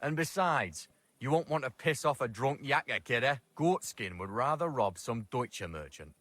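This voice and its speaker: A man's voice: medium pitch, expressive, normal speed, fairly bright tone, no room sound. An actor playing a blunt, dialect-heavy male tavern drinker with a Geordie-style northern English accent.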